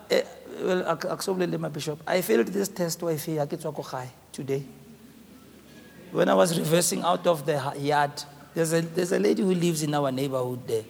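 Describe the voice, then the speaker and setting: A man with a high-sitting, gravelly voice preaches as a pastor in a church hall. He pleads and tells personal stories with passion, and the recording carries a long hall reverb.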